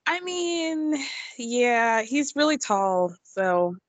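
A woman's voice: fairly high pitch, very slow, dry recording. Thirtysomething woman on a podcast, easygoing, giggly, dry close mic. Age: 30s. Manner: relaxed, laughs easily, hesitant restarts. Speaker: podcast co-host. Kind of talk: casual chat about reality TV.

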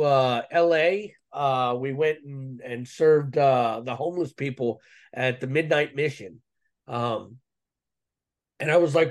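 A man's voice: medium pitch, a little mellow. A man guest in an interview, earnestly telling a personal story in casual, rambling speech full of fillers and restarts, saying "man" and "dude".

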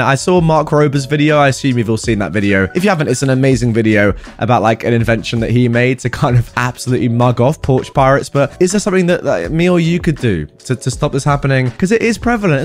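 A man who reads online stories aloud and comments on them in a chatty way, often asking his audience rhetorical questions. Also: medium pitch. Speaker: story narrator.

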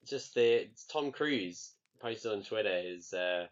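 Low-voiced, dryly wry man. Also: animated, takes it slowly, lo-fi sound. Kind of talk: casual chat.

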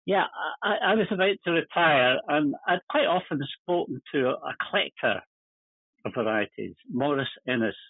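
An older man tells rambling stories as an interview guest, laughing softly as he goes. His voice is husky and a little high. It comes through a thin, phone-like line with no room sound. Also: lively intonation, normal speed, no room sound. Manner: rambling, chuckling anecdotes. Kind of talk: casual storytelling.

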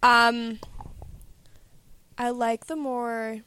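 A woman's voice: a little high, little pitch movement, drawn-out words, bright, forceful tone, slight background noise. A young woman with a Canadian accent chatting casually as a guest, laughing often and swearing freely. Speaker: guest model. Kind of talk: casual chat.

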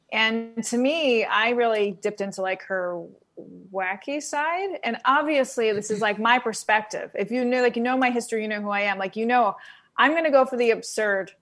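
A woman's voice: fairly high pitch, a bit bright. A woman from Queens, an actress, chatting casually as an interview guest, talking loosely with many likes and restarts. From Queens, New York.

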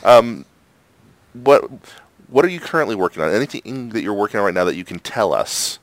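Deep-voiced man hosting a podcast. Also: very animated, fairly quick, dry recording. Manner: friendly, laughs often. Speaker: podcast host. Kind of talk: casual podcast interview.

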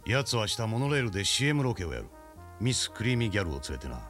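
An actor playing a grim, vengeful assassin in anime dialogue, speaking in a low, terse, menacing way. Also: male voice, sing-song, rapid-fire. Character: grim vengeful male assassin, middle-aged. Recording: loud music under the dialogue.

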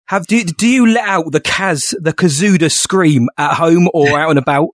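A man's voice: on the high side, moderate pace, no echo, studio quality. A man co-hosting a podcast, chatty and self-deprecating. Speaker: podcast co-host. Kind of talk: casual podcast chat.

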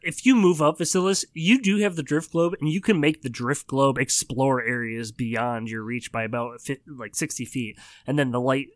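A man's voice: mid-range voice, normal speed, hardly any pauses, no room sound. A man running a tabletop game as game master, narrating in a laid-back, descriptive way.

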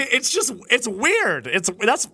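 A man's voice: very high-pitched, huge pitch swings, slow, bright, forceful tone, slightly rough. A man hosting a podcast in casual chat, laughing often as he talks. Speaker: podcast host.

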